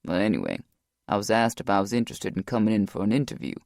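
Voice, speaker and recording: A man voicing a grieving former Navy SEAL, deep and gravelly, telling his past in a low, weary way. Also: sing-song, quick pace, dry recording, studio quality. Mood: guarded, weary.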